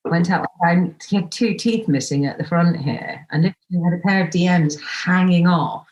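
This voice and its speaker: A woman telling dating stories as a podcast guest, animated and theatrical, acting out the dialogue. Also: fairly low pitch, fairly quick, muffled recording. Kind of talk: anecdotal storytelling. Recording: roomy echo.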